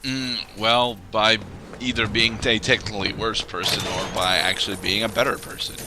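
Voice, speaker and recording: A man's voice: lowish voice, little pitch movement, normal speed, noisy background. A man co-hosting a let's play, adding dry, teasing quips in casual gameplay chat.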